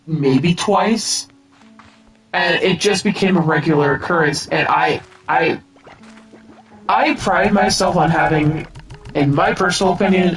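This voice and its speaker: A man in his thirties from the United States, chatting casually on a game stream in a fairly high voice. He talks slowly and rambles, swearing freely and filling gaps with ums and restarts. Faint game music plays underneath. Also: poor audio. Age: 30s. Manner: rambling and profane, with many fillers and restarts.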